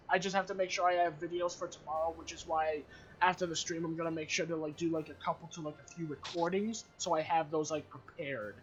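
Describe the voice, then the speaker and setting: Bright-toned teasing young man streaming. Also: high-pitched, breathy edge. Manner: teasing, animated, filler-heavy. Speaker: live stream host. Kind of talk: casual chat among friends. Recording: slightly muffled mic with faint noise.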